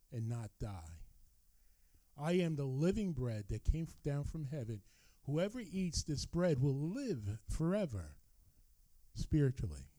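Guy preaching a sermon, reads verses then comments, voice jumps around a lot, warm tone. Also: dry recording. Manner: expressive Bible reading with asides, animated rises and drops in pitch.

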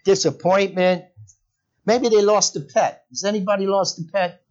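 A man's voice: high-pitched, steady tone, moderate pace, dull audio. A man preaching a sermon in a church, talking with the congregation and putting questions to them. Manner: conversational, asks the congregation questions. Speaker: pastor.

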